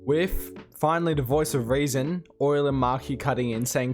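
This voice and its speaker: Man, casual comic review, excitable recap, mid-pitched voice, faint music behind. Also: moderate pace. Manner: excitable, retells the plot while reading out the dialogue. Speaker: manga reviewer.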